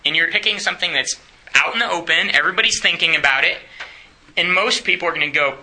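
Bright-voiced man teaching a class. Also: a little high, brisk, poor audio. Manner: chatty, asks the class questions, laughs often. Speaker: church teacher.

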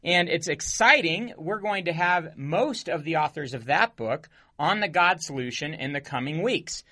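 A man's voice: on the high side, expressive, normal speed, pushed and bright. A man hosting a radio show, interviewing his guest eagerly and with enthusiasm.

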